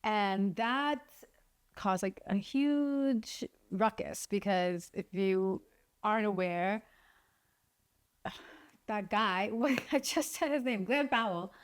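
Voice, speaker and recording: A woman's voice: mid-range voice, animated, slow pace, pauses often, smooth. A woman vlogger and filmmaker giving casual, chatty commentary and laughing often as she talks.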